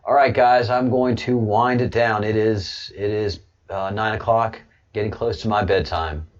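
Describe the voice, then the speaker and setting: Low-ish voiced guy rambling on a live chat stream, lots of uhs, muffled lo-fi audio. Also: fairly even intonation, unhurried. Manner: rambling, chuckling, hesitant fillers. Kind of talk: casual livestream chat.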